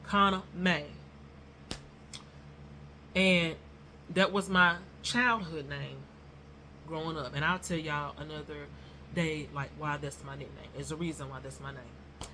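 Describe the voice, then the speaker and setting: A woman's voice: low voice, fairly even intonation, unhurried, long pauses, pushed and bright, a little hiss or hum. A woman telling a rambling story to her viewers in a casual vlog, chatty and addressing them as y'all. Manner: self-described nervous and non-confrontational. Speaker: YouTuber.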